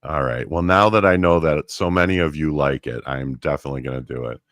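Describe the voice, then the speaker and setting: A man with a deep baritone voice chatting easily on a livestream, laughing often. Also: fairly quick, fairly bright tone, dry recording, clean studio sound. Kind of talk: casual livestream chat.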